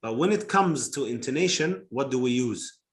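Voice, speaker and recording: A man's voice: medium pitch, animated. Man teaching with many fillers. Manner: explains slowly with many fillers and repeats. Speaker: phonetics teacher. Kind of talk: live online class teaching.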